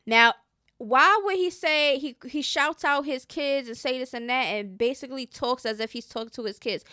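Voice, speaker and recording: A woman's voice: a little high, sharp tone, clear, resonant tone, no echo, clean studio sound. A woman hosting casual gossip commentary, chatty and slangy, often trailing off with hesitant asides.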